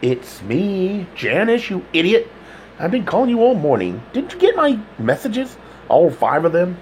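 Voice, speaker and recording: A man voicing an impatient, bossy middle-aged woman who orders people around. The pitch lifts above his own and keeps a gravelly texture, with a faint hum of ambience behind it in this audiobook. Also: wildly swooping pitch, a little slow, heavily acted.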